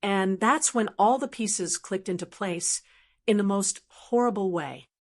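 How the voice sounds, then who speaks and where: A middle-aged woman narrating a first-person family story in an earnest, deliberate way. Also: mid-range voice.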